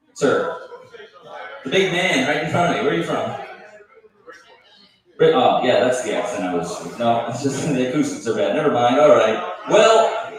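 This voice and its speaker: A man doing a stand-up set at an open mic, crude and offhand, doing crowd work and mocking his own jokes. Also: medium pitch. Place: bar stage at an open mic. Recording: echoey room, taped from far off.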